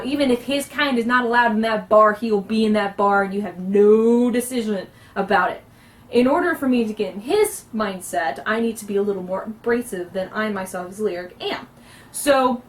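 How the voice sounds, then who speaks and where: A woman gives an earnest lesson on roleplaying, pausing often as she explains. Her voice sits fairly high. The recording sounds distant from the mic. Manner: earnest, instructive, with frequent pauses. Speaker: roleplaying instructor.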